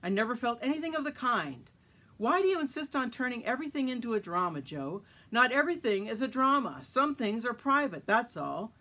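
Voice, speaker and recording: A woman playing a reserved older brother from a western storybook. He answers in short, firm lines, pitched a little above the narration. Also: very animated, brisk, pushed and bright, heavily acted. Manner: firm, clipped replies.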